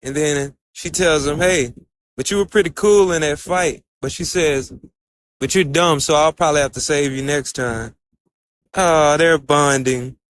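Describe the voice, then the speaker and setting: A man with a somewhat raised pitch recaps an episode in a loose, conversational way. He chains one scene to the next, quoting the characters in his own plain voice. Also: unhurried, a bit bright, slight background noise. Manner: retells scenes with running "and so" and "she says". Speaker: anime recap reviewer. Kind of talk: casual story recap.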